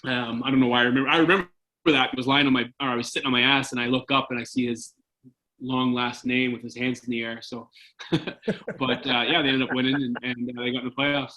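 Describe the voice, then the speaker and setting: Man, forties, rambling casual storyteller, bright voice, middle pitch. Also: level tone, fast, poor audio. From Canada. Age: 40s. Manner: rambling, many fillers and restarts, laughing. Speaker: guest, former hockey player.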